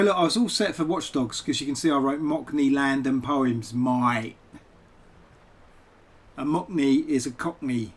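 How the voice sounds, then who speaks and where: A man talking casually and digressively while streaming a game from home, chatting to viewers as a poet. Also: mid-range voice. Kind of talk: casual live-stream chat over gameplay.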